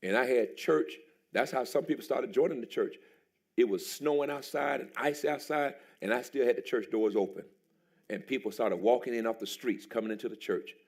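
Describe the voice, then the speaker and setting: A pastor preaching a sermon in a church, a man who jumps into a high excited voice and shouts as he tells stories. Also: brisk, creaky, husky. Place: church sanctuary.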